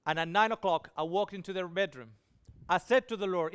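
A man preaches, telling a personal story with feeling. His voice sits high and sounds smooth and resonant. He acts out the people in the story as he goes. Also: fairly quick, fairly bright tone. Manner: emotional storytelling, voicing quoted dialogue. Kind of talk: sermon testimony.

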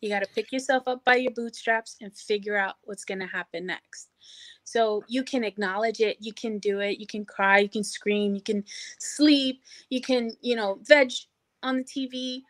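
A middle-aged woman speaking as a guest on an interview show, energetic and encouraging, with lots of "you know" fillers. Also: fairly high pitch, moderate pace, dry recording. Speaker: podcast guest, hospitality professional. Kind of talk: casual interview chat.

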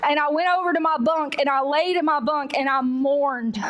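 A woman's voice: high voice, fairly even intonation, moderate pace, fairly bright tone. A young woman giving a sermon testimony, telling her story expressively and acting out the voices. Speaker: guest speaker giving testimony.

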